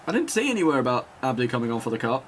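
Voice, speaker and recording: A man doing live play-by-play commentary, calling player names in quick bursts, chatting and laughing with viewers, and rising to shouts when a goal goes in. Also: medium pitch, very animated, slight background noise. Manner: chats and laughs with viewers between calls. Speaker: match commentator.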